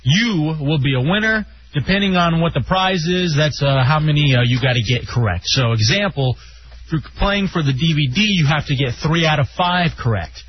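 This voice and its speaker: A man's voice: on the high side, lively intonation, normal speed, slight background noise. A man hosting a casual radio show, joking around and reading promos and phone numbers. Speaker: radio host. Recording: dull lo-fi radio audio with music.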